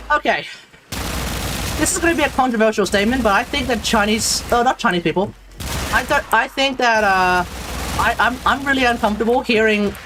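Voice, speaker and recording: A man's voice: high voice, noisy background. An Australian man streaming a game, chatting casually with viewers, rambling and restarting his sentences. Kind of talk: casual live-stream chat.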